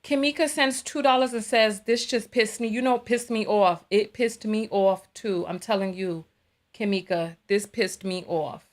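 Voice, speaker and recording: A woman's voice: on the high side, steady tone, moderate pace. A woman hosting a livestream, reacting heatedly and reading out viewer donations. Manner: heated, repeats herself when angry. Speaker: host. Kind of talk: livestream commentary.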